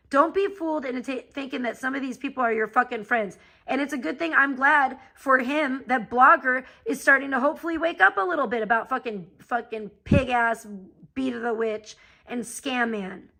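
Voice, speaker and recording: Her voice is high, bright and pushed, captured on a rough recording. The same kind of angry live-stream rant follows, as the woman confronts her chat with heated profanity.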